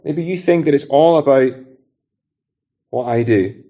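A man's voice: medium pitch, unhurried, mellow. A man from Britain preaching a sermon in an earnest, conversational way, using everyday illustrations.

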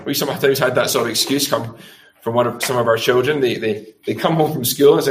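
Slight background noise accompanies a middle-aged man's medium-pitched voice as he preaches fast. Throughout the sermon, he throws rhetorical tag questions at the congregation and acts out quoted lines in changing voices.

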